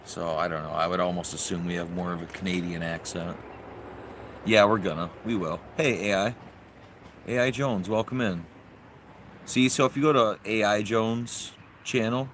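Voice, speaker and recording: Low-voiced man chatting on a livestream. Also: slight background noise. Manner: relaxed and chatty, greets viewers. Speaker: livestream host. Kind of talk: casual livestream chat. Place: outdoors in a yard.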